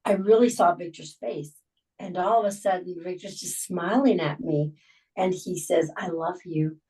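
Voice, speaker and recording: A middle-aged woman sharing a personal story on a video call, halting and full of fillers and restarts. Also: lowish voice, warm tone. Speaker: Bible study group member. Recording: voice sounding distant from the mic.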